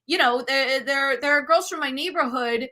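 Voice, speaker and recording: A woman's voice: sits high, moderate pace, sharp tone. A woman in her thirties, a cooking show host from the United States, talking frankly and emphatically as a guest in a casual interview. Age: 30s.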